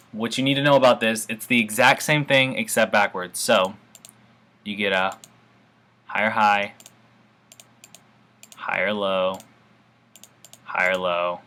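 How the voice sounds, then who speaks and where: Bright-voiced man giving a casual tutorial. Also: lowish voice. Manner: offhand and informal, keeps calling viewers "guys", shrugs things off. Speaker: forex trading instructor. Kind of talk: casual screen-share tutorial.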